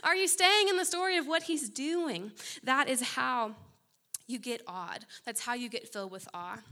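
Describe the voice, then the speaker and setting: A young woman preaching a sermon, telling a story with quick asides. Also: on the high side, sharp tone, smooth.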